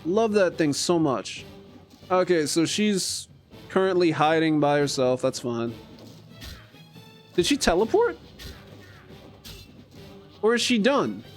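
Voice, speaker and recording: A man streaming a game, chatting casually and flipping between low mutters and gleeful outbursts. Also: very animated, slow pace, pauses often, faint music behind. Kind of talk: casual gameplay commentary.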